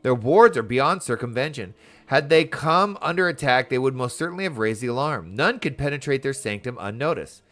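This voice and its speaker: A man's voice: medium pitch, animated, a little fast, a bit bright, lightly acted. A man reading an earnest young woman leader. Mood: solemn. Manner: reads game dialogue aloud in a formal, earnest tone. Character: solemn young woman leading a sworn order. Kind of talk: reading game text aloud.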